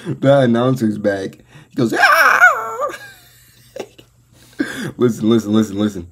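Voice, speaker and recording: An American man hosting a reaction video, talking casually and getting excitable as he comments and laughs along. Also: lowish voice, normal speed, heavy background noise. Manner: excitable, laughs and exclaims often.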